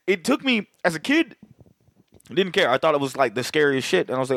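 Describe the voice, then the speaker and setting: A rowdy, animated man with a fairly high voice that swings all over the place, swearing freely and cracking himself up. He talks close into a headset mic, with a dry sound and no room around it. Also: brisk, gravelly, no echo. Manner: animated, swears constantly, laughs often. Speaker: podcast co-host. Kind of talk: casual profane movie chat.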